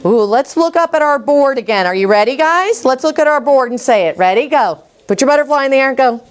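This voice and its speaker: A middle-aged woman teaching first graders to write, brisk and coaxing, repeating her prompts. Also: high voice, lively intonation, clear, resonant tone. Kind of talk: classroom writing lesson. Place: classroom.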